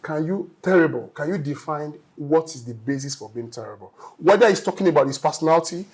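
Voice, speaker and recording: A man's voice: on the high side, lively intonation, brisk, darkish tone. A man with a Nigerian accent debating as a studio guest, emphatic and lecturing, often asking "you understand?". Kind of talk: panel debate.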